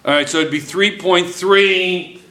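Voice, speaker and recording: A man's voice: high voice, measured pace, sharp tone, recorded from a distance. A man teaching a physics class, joking and teasing his students as he works through problems. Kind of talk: classroom lesson. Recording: echoey classroom.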